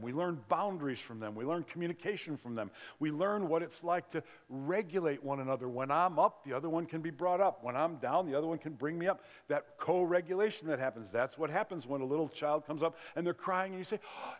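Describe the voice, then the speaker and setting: An older man preaching a sermon in a large church, telling stories conversationally and acting out the people in them. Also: on the high side. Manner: conversational storytelling with acted-out quotes. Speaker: pastor. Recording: long reverb of a large hall.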